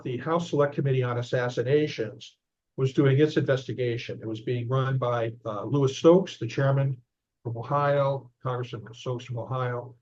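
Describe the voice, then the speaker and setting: Older man telling an anecdote, dull audio. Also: mid-range voice. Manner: animated anecdote-telling, recounting dialogue. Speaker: author and investigator, interview guest. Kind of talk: conversational storytelling.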